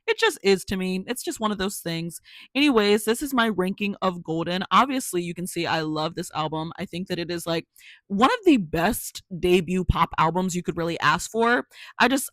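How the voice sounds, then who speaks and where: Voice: medium pitch, fairly bright tone, dry recording. A young adult music reviewer chatting casually while ranking songs on a vlog, gushing over favorites and apologizing dramatically over the ones they dislike. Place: home.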